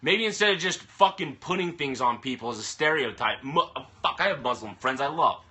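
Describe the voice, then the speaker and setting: Profane ranting man, bright voice. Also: medium pitch, lively intonation, a little fast. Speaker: vlogger. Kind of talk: angry live-stream rant. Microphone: camera mic. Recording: phone or webcam live stream.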